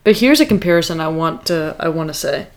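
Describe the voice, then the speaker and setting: A woman's voice: deep voice, lively intonation, quick pace. A woman co-hosting a casual podcast, chatting animatedly about a TV episode with lots of filler words. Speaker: podcast co-host. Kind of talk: casual chat recapping a TV episode.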